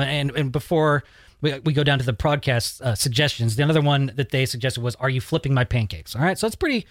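A man's voice: mid-range voice, no room sound, clean studio sound. A man hosting a podcast in a loose, joking way, swearing casually as he talks. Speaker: podcast host.

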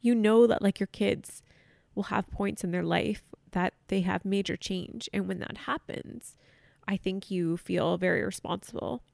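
A woman in her thirties tells her own story on a podcast, her voice full of vocal fry and a gravelly edge. She speaks candidly and sounds choked up, close to tears. The recording is dry and close, with no room sound. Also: mid-range voice, unhurried, darkish tone, no room sound. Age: 30s. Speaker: podcast host. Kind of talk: personal storytelling.

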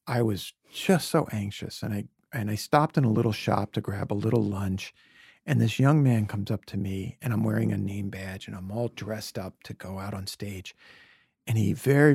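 A man's voice: on the low side, normal speed, creaky, darkish tone, husky, dry recording, clean studio sound. A middle-aged man from New York City as a podcast guest, telling earnest, confessional stories in a reflective conversation and sometimes dropping to a near-whisper.

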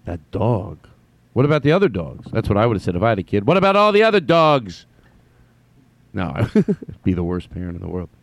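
A man's voice: low-pitched, animated, fast talker, vocal fry, darkish tone. A man hosting a podcast, telling a story in a rambling, self-mocking way with stammering restarts. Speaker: podcast host. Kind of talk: comedic monologue.

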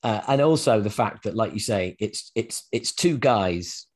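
A man's voice: fairly low pitch, lively intonation, unhurried, darkish tone, breathy edge. Male podcast host, reflective. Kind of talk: casual interview chat.

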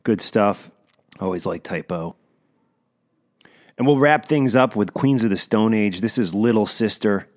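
Male metal podcast host, low voice, loose rambling delivery that trails off. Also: unhurried, long pauses. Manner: rambling, unsure, trails off quietly. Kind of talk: casual chat between songs.

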